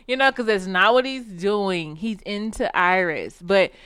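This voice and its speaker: A woman's voice: medium pitch, a little slow, fairly bright tone, clear, resonant tone, no room sound, clean studio sound. A woman co-hosting a podcast recap, chatting casually, laughing often and restarting her sentences. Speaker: podcast co-host.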